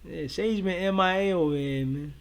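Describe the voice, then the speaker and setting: A high-voiced man chats easily with his viewers, full of slang and strings of yeah, yeah. His talk is loose and relaxed, the style of a casual livestream co-host. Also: normal speed, clean tone. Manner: laid-back, slangy, many repeated fillers. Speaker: co-host of a reaction show.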